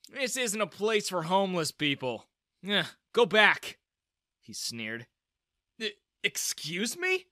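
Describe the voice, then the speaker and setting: A man narrating a first-person story in a dramatic, expressive way. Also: fairly high pitch, no echo, studio quality.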